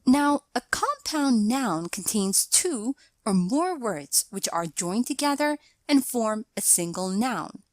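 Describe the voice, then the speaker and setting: A woman narrating a scripted English grammar lesson, explaining each point in a deliberate, measured way. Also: on the high side, big pitch swings, no room sound.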